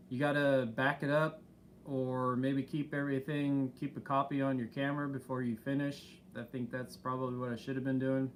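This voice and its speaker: A man's voice: mid-range voice, a bit bright, a little hiss or hum. A man co-hosting a casual live stream, talking in an easygoing, rambling way with many fillers. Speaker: channel co-host.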